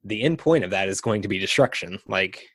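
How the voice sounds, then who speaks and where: A man co-hosting a podcast in casual chat, relaxed and loose, with many fillers. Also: fairly low pitch, brisk, no room sound, clean studio sound. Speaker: podcast co-host.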